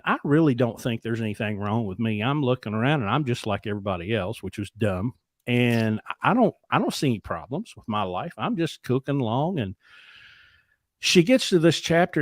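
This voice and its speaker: A man's voice: mid-range voice, no room sound, studio quality. A man in his forties telling stories in a candid, self-deprecating and reflective way, now and then swearing, as a podcast co-host. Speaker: podcast co-host, trucking company. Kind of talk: casual conversational storytelling.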